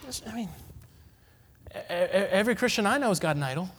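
A man from Massachusetts preaching in a church, his high voice rising and falling with great animation. He swings from loud declarations to hushed asides, and his words ring out in a long, hall-like reverb. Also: quick pace, breathy edge. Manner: emphatic, animated, shifting between loud declarations and quiet asides. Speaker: evangelist preacher. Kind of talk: sermon. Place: church sanctuary.

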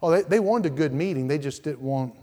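A male pastor preaching a sermon in a church, repeating words and swinging from quiet asides to loud outbursts. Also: on the high side, fairly quick. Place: church sanctuary. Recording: reverberant church hall.

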